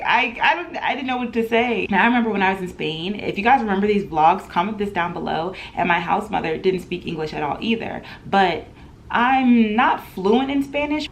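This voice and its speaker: A young woman in her twenties telling an animated storytime in a home vlog, chatty and full of laughs. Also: fairly low pitch, slight background noise. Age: 20s. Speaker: vlogger.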